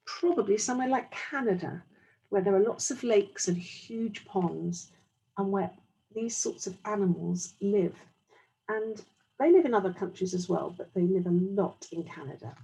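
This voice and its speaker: A woman's voice: medium pitch, gravelly, dark tone, husky, low-quality recording. A woman teacher reading a storybook aloud to young children, explaining as she goes.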